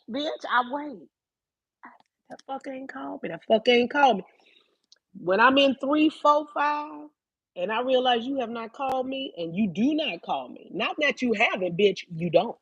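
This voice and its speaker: A woman ranting on a live stream, profane, animated and emphatic. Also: medium pitch, breathy edge, no room sound, poor audio. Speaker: vlogger.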